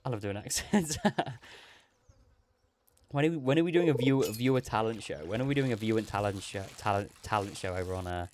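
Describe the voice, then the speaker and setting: A man's voice: on the low side, a little fast, darkish tone, slight background noise. A man hosting a gaming livestream, rambling casually, laughing often and correcting himself mid-sentence.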